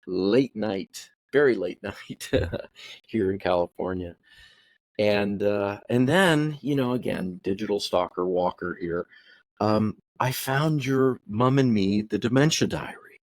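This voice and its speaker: Male podcast host from the US; low, heartfelt, halting delivery, dry close mic. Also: no echo. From USA. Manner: warm, emotional, halting with many restarts. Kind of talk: casual interview chat. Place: home in California.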